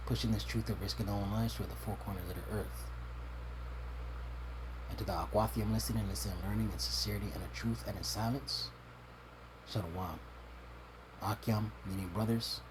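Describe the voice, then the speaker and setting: Low-voiced man preaching, asking "right?". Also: noisy background. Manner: tags points with a questioning "right?"; restarts and repeats words when searching for them. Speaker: religious teacher. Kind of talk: scripture teaching sermon.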